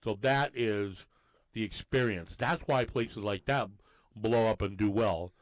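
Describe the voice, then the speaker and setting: Low, smooth-voiced New man. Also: unhurried. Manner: rambling, easygoing. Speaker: podcast co-host. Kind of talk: casual bar-talk podcast chat.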